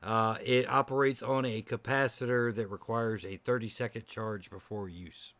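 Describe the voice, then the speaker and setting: A man runs a tabletop game with a bright, forceful voice, loose and chatty and quick to laugh. The sound is dry and close. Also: medium pitch, fairly even intonation, no echo. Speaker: game master.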